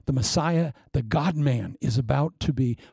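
A man delivers a sermon in a gravelly, warm low-lit voice. He mixes dry, self-mocking humor into his preaching and swings between forceful emphasis and hushed asides. The sound is close and dry. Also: moderate pace, no echo. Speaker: pastor.

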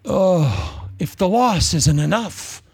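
A man's voice: sits high, takes it slowly, vocal fry, husky, no echo. A man preaching a sermon in a humorous, conversational way, often repeating himself for emphasis. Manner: animated, humorous, conversational, with repetitions. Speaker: pastor.

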